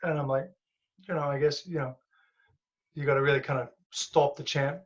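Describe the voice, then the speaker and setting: A man recounting old fights in a relaxed, chatty way, laughing and cursing freely. His voice sits fairly high. The recording sounds dull and lo-fi. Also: moderate pace. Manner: animated anecdotes with laughs and swearing. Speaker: guest, former professional fighter. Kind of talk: casual storytelling.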